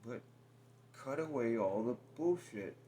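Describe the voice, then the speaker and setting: A man's voice: medium pitch, lively intonation, a little slow, mellow, slight background noise. A man talking bluntly and profanely in a rambling, confrontational conversation with his partner. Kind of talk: casual heated conversation.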